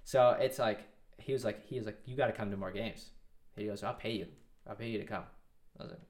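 A man's voice: on the low side, fast talker, a little mellow. A man in his twenties telling a long story in a casual interview, rambling and restarting often. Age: 20s. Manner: rambling, with many restarts and quoted dialogue. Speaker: guest.

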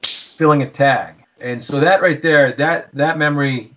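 A man's voice: fairly high pitch, a little slow, a bit bright. A man in his thirties, a podcast guest, telling hunting stories in an eager, rambling way, often repeating words as he thinks. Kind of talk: casual storytelling. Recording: slightly dull lo-fi audio.

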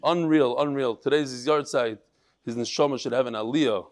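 A middle-aged man teaching a Torah class in lively talk, mixing Yiddish and Hebrew terms into English. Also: mid-range voice, normal speed.

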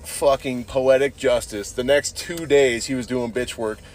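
A man's voice: mid-range voice, fairly even intonation, measured pace. Crude rambling guy, constant cursing. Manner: rambling, crude, swears a lot, says dude constantly. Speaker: podcast host. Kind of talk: casual profane storytelling.

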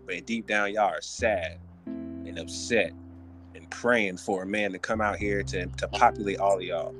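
A man hosting a podcast, ranting in an animated, joking and profane way with lots of restarts. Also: low-pitched, measured pace, faint music behind. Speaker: podcast host. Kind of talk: casual comedic podcast chat.

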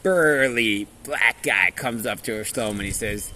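A man's voice: medium pitch, measured pace, sharp tone. A man teaching a Torah class through stories, in a casual manner that checks in with listeners and drops Hebrew and Yiddish words.

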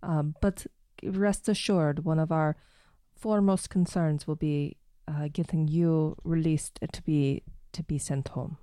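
A woman's voice: low-pitched, steady tone, unhurried, mellow, clean tone, no room sound, studio quality. A woman playing a tabletop game in character, polite and hesitant. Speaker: player.

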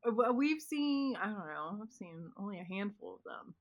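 A woman co-hosting a casual chat, playful and teasing, quick to add a joke. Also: mid-range voice, expressive, highs cut off. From San Francisco area. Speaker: podcast co-host.

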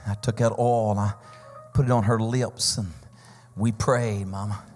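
Pentecostal preacher guy telling healing stories, gets loud and sing-songy, big echoey church, keyboard behind. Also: lowish voice, steady tone, unhurried. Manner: storytelling, builds to shouting, sing-song climaxes. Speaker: visiting preacher. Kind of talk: Pentecostal sermon testimony. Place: church sanctuary. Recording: church hall reverb with keyboard music.

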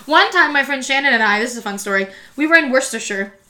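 A young woman from New Jersey with an American accent, talking through her stories in a loose, chatty way. Her voice sits high and sounds bright and forward. She leans on fillers and gets animated as she goes. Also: fast. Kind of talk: casual chat, storytelling.

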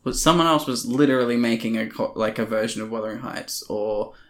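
A man's voice: mid-range voice, a little fast. A man co-hosting a casual movie review podcast, cracking dry, teasing jokes. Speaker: podcast co-host.

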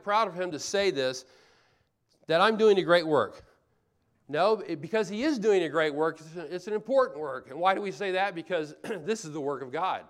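A man's voice: sits high, animated, normal speed, fairly bright tone. A man preaching a sermon as pastor, earnest, asking rhetorical questions and repeating phrases for emphasis.

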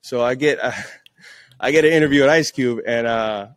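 A man telling stories in a casual podcast chat, jumping into high voices when he quotes people. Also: normal speed, no room sound. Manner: animated, acts out quotes in a high voice. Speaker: podcast guest, police social media officer.

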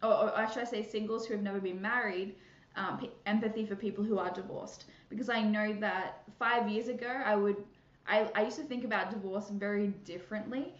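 A woman's voice: medium pitch, fairly even intonation, a little fast. A woman hosting a casual Christian podcast, bubbly and chatty, laughing often and filling gaps with fillers and restarts. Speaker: podcast host. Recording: echoey room, muffled sound.

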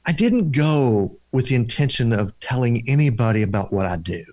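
Earnest man telling a slow, dramatic story. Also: medium pitch, expressive, a little mellow, dry recording. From former Protestant, now Catholic. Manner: earnest, slows down for emphasis, acts out dialogue. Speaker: deliverance minister, guest. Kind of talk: storytelling in an interview.

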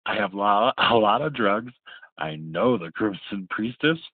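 A man's voice: lowish voice, animated, measured pace, no room sound. A man playing an older male author who mutters and plots to himself, heard over a tinny phone-like line. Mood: scheming.

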